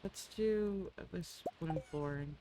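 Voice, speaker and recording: A woman's voice: deep voice, slow, mellow, slight background noise, low-quality recording. A woman streamer chatting casually while playing a farming game, swearing freely and cooing at her in-game animals. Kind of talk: casual gameplay chat.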